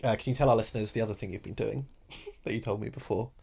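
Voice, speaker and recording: A man co-hosting a podcast in casual chat, relaxed, often laughing and pausing with ums. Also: fairly low pitch, gravelly, slightly rough. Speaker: podcast co-host.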